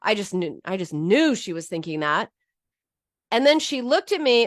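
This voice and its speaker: A woman's voice: medium pitch, expressive, moderate pace, dry recording, clean studio sound. A middle-aged woman teaching about binge eating in a heartfelt personal talk, often restarting her sentences. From United States. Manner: earnest and heartfelt, with frequent restarts.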